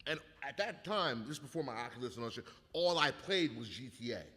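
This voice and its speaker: A man's voice: medium pitch, quick pace, in a large hall. A man telling profane comic stories in casual talk, acting out quotes, who hasn't slept. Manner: animated, profane, acts out quotes. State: sleep-deprived. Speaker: comedian guest. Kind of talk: casual comedic storytelling.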